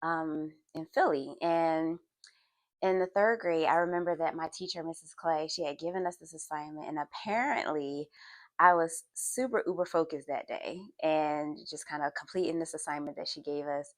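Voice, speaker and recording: A woman from Philadelphia who hosts a faith and therapy podcast, telling a personal story with animated flair, then reflecting earnestly. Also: sits low, moderate pace, no room sound, studio quality. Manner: animated storytelling, acts out voices in quotes.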